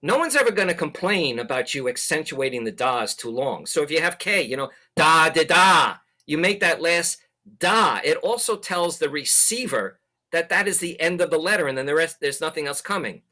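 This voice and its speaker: A man with a bright, forward voice set a little high, presenting in an online webinar. He talks in a lively, demonstrative way and acts out the pacing he is describing. He sounds like an instructor coaching newcomers. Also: brisk. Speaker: Morse code instructor.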